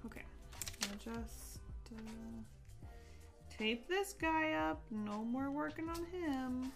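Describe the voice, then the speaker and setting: High lively woman painting on stream, chats to herself and baby-talks her pet. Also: slow, vocal fry, over music. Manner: chatty, thinks aloud, coos at her pet in a playful voice. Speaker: art live-streamer. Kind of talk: casual chat while painting on a live stream.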